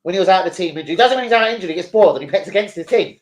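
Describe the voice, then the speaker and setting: A middle-aged man, hosting a casual football fan livestream and bantering with viewers in a sweary, animated way. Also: high-pitched, very fast, low-quality recording. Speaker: football fan channel host.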